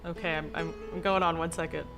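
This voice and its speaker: A young woman streaming, speaking in a slow, deliberately calm, mock-soothing way with a touch of vocal fry, joking with chat. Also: sits low. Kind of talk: casual live-stream chat. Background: faint background music.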